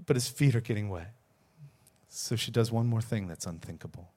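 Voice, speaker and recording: A man's voice: fairly low pitch, moderate pace, mellow. Earnest man preaching a sermon. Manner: earnest storytelling with rising emphasis and repeated words. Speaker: pastor.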